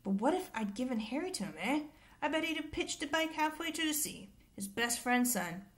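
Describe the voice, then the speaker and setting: Woman doing a gruff growling giant of a man. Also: high-pitched, animated, a little fast, voice pushed up. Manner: growling, rough and blunt. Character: gruff big male half-giant gamekeeper.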